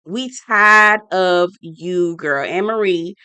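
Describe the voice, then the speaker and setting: A sassy woman vlogger reviewing reality TV in casual commentary, blunt and quick to swear. Her voice is bright and forceful, recorded dry and close. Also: on the low side, clear, resonant tone, no room sound.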